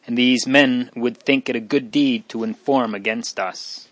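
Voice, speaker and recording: A man reading the part of a young man who protects his sister, speaking gravely in a hushed voice. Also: mid-range voice, fairly even intonation, normal speed, no echo, natural voice.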